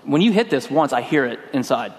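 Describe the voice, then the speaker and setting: A middle-aged man preaching a sermon in a relaxed, conversational way, telling a personal story and acting out his own lines. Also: mid-range voice, brisk. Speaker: pastor. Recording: long hall reverb.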